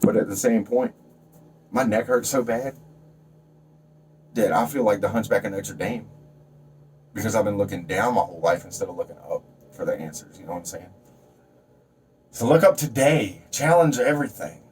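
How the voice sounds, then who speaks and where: A man's voice: on the low side, steady tone, normal speed, long pauses, far from the mic, slight background noise. A man giving a rambling, preachy motivational rant to camera, swearing and jumping between topics. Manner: shouts and stretches words when fired up. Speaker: vlogger.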